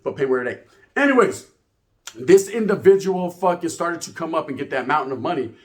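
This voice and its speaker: High-voiced man ranting. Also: brisk. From California. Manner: profane street slang mixed with Spanish, animated storytelling. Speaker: channel host. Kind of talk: ranting storytelling commentary.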